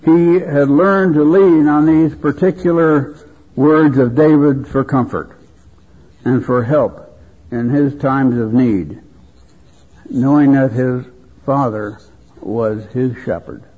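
A man preaching a sermon at a convention, speaking in a slow, measured, reverent way. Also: mid-range voice, breathy edge. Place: convention hall. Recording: tinny phone-like convention recording.

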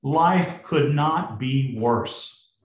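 A man's voice: medium pitch, very slow. A man voicing a poor, desperate village father of six, pleading and exclaiming. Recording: roomy, slightly dull recording.

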